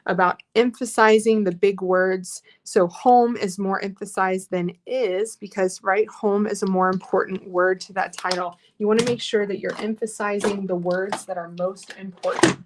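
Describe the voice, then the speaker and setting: A woman's voice: mid-range voice, steady tone, normal speed, few pauses, slight background noise. A woman teaching a live online scrapbooking class in a chatty, encouraging way, reading out viewer comments as she works.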